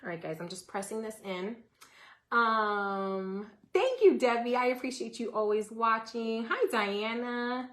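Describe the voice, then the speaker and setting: Chatty woman hosting a lively craft livestream. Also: on the high side, normal speed. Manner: chatty, greets viewers by name, bursts into excited yelling. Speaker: host of a live DIY craft stream. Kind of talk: live-stream craft tutorial chat.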